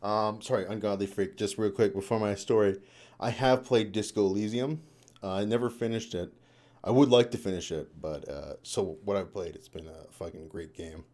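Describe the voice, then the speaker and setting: A young man with a low, mellow voice chats loosely on a live stream. He rambles, swears freely and laughs between thoughts. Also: fairly even intonation, normal speed. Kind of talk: casual live-stream chat. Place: home room.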